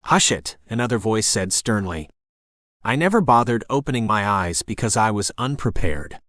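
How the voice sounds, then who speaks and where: A man's voice: lowish voice, lively intonation, moderate pace, a bit bright, no echo. Man reading an audiobook, dry close sound. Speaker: audiobook narrator. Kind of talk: scripted first-person narration.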